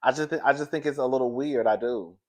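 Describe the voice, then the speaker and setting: A man's voice: medium pitch, quick pace. Chatty gossiping man recapping reality TV. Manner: chatty, gossipy and animated, laughs often, says "girl" a lot. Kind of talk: casual chat.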